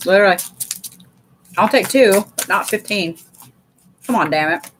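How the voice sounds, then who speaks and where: A woman's voice: mid-range voice, expressive, moderate pace, a little hiss or hum. A woman giving a casual live card reading, blunt and chatty, swearing freely and calling her viewers y'all. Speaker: tarot and oracle card reader.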